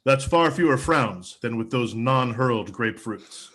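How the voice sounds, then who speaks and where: A man doing a deadpan spoof commercial, with a dry, formal, mock-earnest delivery. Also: mid-range voice, unhurried. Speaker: comedian performing a mock ad. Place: home video stream.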